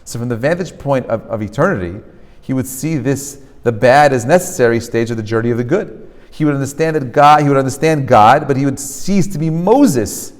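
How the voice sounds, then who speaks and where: Male rabbi, mid pitch, animated teaching style that keeps asking "right?", long hall echo. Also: brisk. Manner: animated, often checks in with "right?"; mixes Hebrew terms into English. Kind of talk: lecture to a live class. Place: lecture hall with a live audience.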